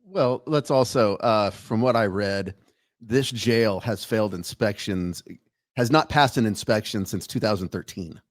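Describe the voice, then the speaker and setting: A man on a casual podcast asking curious, halting questions. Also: on the low side. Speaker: podcast co-host.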